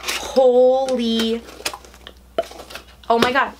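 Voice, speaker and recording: Gushing, excitable woman vlogger. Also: a little high, normal speed, noisy background. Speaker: unboxing vlogger. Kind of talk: casual unboxing vlog.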